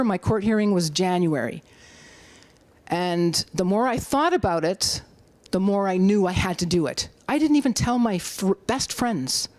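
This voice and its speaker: A middle-aged woman with a Canadian accent, speaking as an activist, addresses a community hall audience with animation and rallies them. She acts out quotes in a high voice, and the sound has no echo.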